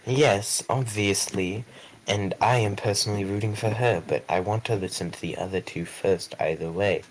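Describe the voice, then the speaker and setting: Calm, low-voiced man playing a game. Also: moderate pace, a little hiss or hum, rough recording. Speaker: player. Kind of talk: tabletop role-play.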